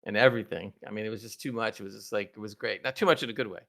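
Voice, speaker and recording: Enthusiastic man trailing into quiet asides. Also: fairly low pitch, steady tone, racing, creaky. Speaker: podcast co-host. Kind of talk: casual review chat.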